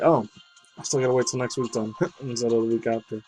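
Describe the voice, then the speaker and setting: A man's voice: medium pitch, little pitch movement, quick pace, darkish tone, low-quality recording. A man casually reading out a gaming news article, breaking off into rambling, slangy asides. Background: faint game music.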